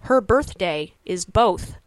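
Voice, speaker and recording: A woman comedian in casual podcast chat with wry, deadpan jokes that swing into animated bits. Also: medium pitch, slow, no echo, clean studio sound.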